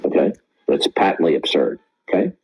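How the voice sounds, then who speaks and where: A man hosting a live online call-in debate, talking forcefully, often interrupting and tagging lines with "okay?". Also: low voice, lively intonation, normal speed, slightly rough, highs cut off. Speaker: debate room host.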